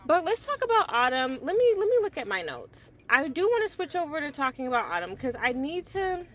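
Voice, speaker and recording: Woman, TV review host, casual, blunt, opinionated, swears, slightly high voice. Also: sing-song, brisk.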